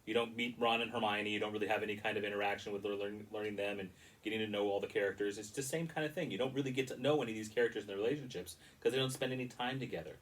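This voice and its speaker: Distant, low-voiced man reviewing a movie. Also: racing, a bit bright. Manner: rambling, critical, frequent restarts. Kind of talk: casual spoken review.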